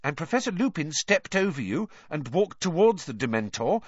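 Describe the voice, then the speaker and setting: Guy doing a clever earnest teen girl, raised pitch, eager, dry dull audio. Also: very animated, moderate pace, husky, no echo. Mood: explaining. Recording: dull lo-fi recording.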